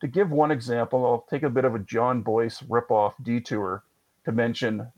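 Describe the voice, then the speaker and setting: A man's voice: medium pitch, steady tone, moderate pace, darkish tone, poor audio. A man hosting a podcast, telling sports history in a chatty, wry way with jokey asides. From Canada. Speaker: podcast host. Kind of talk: conversational history storytelling.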